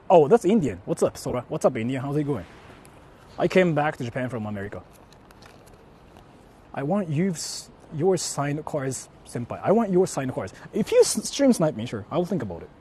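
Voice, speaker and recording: A male live-streamer walks a city street at night and talks into a handheld mic. He speaks in loud, profane, mocking bursts, slips between English and Japanese, and his tone stays dark and mellow. Faint traffic hums behind him. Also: mid-range voice. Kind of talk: casual live-stream chatter.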